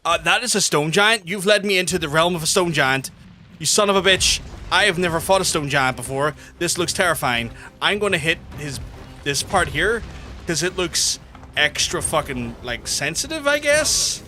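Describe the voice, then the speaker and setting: Faint music plays under a fairly high-pitched male voice moving at a moderate pace. He's a young man doing casual commentary while streaming a game, telling lively stories, cursing freely and laughing a lot.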